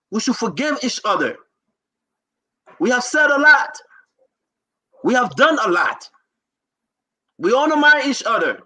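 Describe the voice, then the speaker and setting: High, bright-voiced Liberian man speaking with passion. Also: lively intonation, moderate pace, pauses often. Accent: Liberian English. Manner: emotional, declamatory, repeating phrases. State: holding back tears. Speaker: talk show host. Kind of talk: impassioned political speech.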